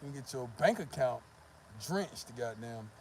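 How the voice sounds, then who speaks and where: A man rants in a loose, streetwise vlog monologue, blunt and full of profanity. His voice sits in a mid register with a warm, mellow tone. Faint traffic hums in the background. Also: medium pitch, animated, moderate pace. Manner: blunt and profane, repeats "you know what I mean". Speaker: vlogger giving dating advice. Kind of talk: casual monologue.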